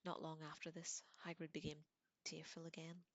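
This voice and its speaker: A woman reading a novel aloud in a soft, hushed whisper, as whispered role-play. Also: low-pitched, level tone, normal speed, no echo. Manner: gentle, hushed storytelling. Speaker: audiobook reader.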